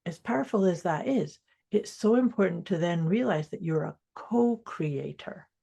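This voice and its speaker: A woman's voice: on the low side, lively intonation, moderate pace, vocal fry, mellow, slightly rough. A woman co-hosting a motivational mindset podcast, speaking reflectively and often restarting her sentences. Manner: reflective, with frequent restarts and self-corrections. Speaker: podcast co-host.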